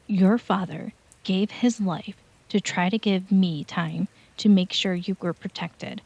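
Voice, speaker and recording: A woman's voice: fairly low pitch, steady tone, normal speed, a little mellow, slightly rough, dry recording. A woman voicing a frantic, wounded mother who pleads urgently with her son in a dream, in a told horror story. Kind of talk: storytelling narration. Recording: dull lo-fi home recording.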